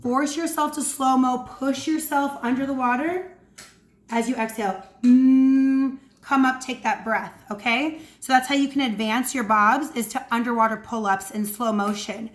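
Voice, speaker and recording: High-voiced energetic woman swim coach. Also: normal speed. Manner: energetic, demonstrates breathing sounds. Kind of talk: casual instructional talk to camera. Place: at home indoors.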